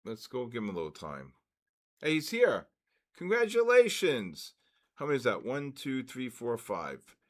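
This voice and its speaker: Hosting a trading live stream, a man calls out giveaway winners in a drawn-out, repetitive way. His voice is medium in pitch with huge pitch swings.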